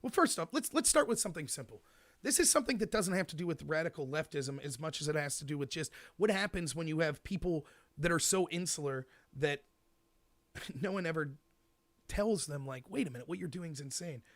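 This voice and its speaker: A man hosting a solo commentary show, talking at a rapid clip in a fairly high voice. He rants with animated energy and slips into mock quotes. The sound is dry and close, with no room echo. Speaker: host. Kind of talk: commentary monologue.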